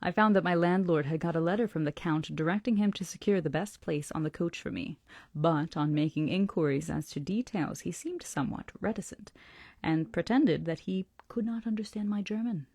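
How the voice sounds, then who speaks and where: A woman reading a classic novel aloud to her book club, slow and deliberate, slipping into soft whispers for effect. Her voice sits low and mellow, and the sound is dry and close. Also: no room sound.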